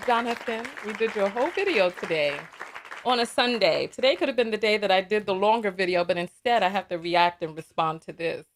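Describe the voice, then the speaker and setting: A woman's voice: mid-range voice, a bit bright. A woman hosting a live reaction stream, reading viewer comments in a blunt, exasperated way and often repeating herself. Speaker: livestream host.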